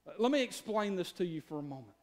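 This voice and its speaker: A man with a strikingly high-pitched voice delivers a sermon from the pulpit. He preaches in a folksy, storytelling way, speaking directly to his congregation. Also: sing-song, fast. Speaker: pastor.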